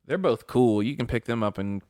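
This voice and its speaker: Profane young man telling animated stories. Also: medium pitch, fairly quick, dry recording, clean studio sound. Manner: profane, animated storyteller who acts out voices. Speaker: podcast co-host. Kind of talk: casual chat.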